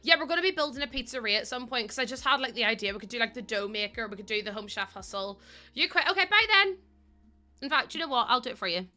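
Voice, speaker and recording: A young woman streaming a game, chatting quickly with her viewers while feeling a bit run down. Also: fairly high pitch, sharp tone, soft background music. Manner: fast-talking, chatty. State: under the weather, a bit run down. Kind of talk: casual live-stream chat while playing a game.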